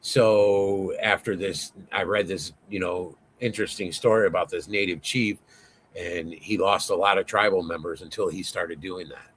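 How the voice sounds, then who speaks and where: A man with a fairly low voice tells his story in a loose, rambling way, swearing freely and leaning on fillers. He gets excitable as he talks, with a faint noise underneath. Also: moderate pace. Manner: rambling, profane, lots of fillers. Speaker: interview guest. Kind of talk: casual interview storytelling.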